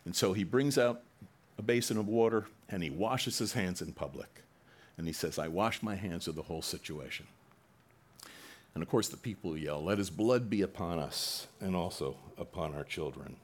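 A male pastor preaching a sermon, reading scripture and retelling it dramatically, with sudden loud bursts for the mockers. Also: sits low, normal speed.

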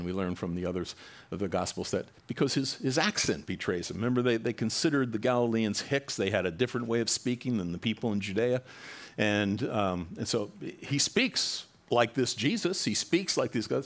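A man's voice: fairly low pitch, animated, normal speed. A man preaching a sermon, reading scripture and breaking off into conversational asides and rhetorical questions to the congregation. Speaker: pastor.

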